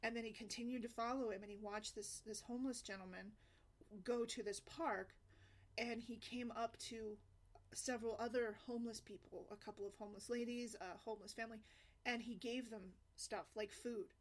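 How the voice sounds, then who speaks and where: A woman's voice: on the high side, steady tone, normal speed. A woman talking earnestly in a casual vlog, conversational and often asking "right?". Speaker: single mom blogger.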